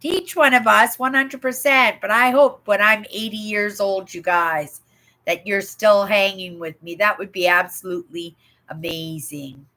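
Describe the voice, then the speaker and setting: An older Canadian woman hosts a casual livestream, her medium-pitched voice steady, bright and forceful at a moderate pace. She reads viewer comments aloud and chats in rambling asides, often tacking on "right?"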